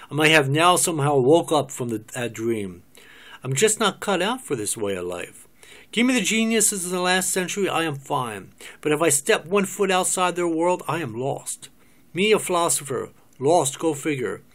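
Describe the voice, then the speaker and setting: A man's voice: a little high, lively intonation, moderate pace, lightly acted. A man cold-reading a script, playing a sheltered, awkward philosopher in a flustered, self-doubting way. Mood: confessional.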